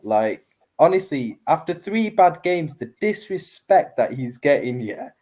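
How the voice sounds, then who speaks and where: Brief: male panelist, emphatic football debater, mellow warm timbre. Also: fairly high pitch, sing-song, measured pace. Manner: opinionated, emphatic, says innit.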